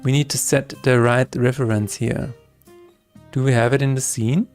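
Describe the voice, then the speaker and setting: A man's voice: medium pitch, steady tone, moderate pace, darkish tone, soft background music. A man streaming his game-development work who chats casually, jokes and rambles through asides, laughing often. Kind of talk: casual live-stream chat while coding.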